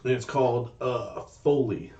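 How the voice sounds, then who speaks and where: A man co-hosting a casual podcast, telling stories in an animated way and swearing freely. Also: mid-range voice, a little slow, recorded from a distance, lo-fi sound. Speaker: podcast co-host. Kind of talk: casual chat.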